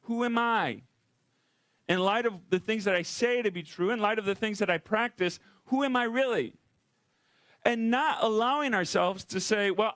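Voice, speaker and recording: A man's voice: high-pitched, a bit bright, no room sound. A man preaching a conversational sermon as pastor, often repeating rhetorical questions to the congregation. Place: church.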